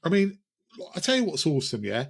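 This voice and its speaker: A man's voice: fairly high pitch, huge pitch swings, fairly quick, vocal fry, husky. A man co-hosting a casual pub-style podcast chat, rambling and joking at himself. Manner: rambling, jokey, self-mocking. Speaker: podcast co-host.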